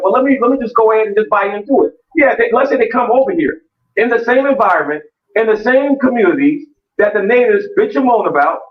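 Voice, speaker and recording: Blunt, profane man in an echoey room. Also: sits high. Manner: profane, blunt, stammering restarts. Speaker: debater. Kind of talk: heated online debate. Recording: echoey, distant, dull lo-fi audio.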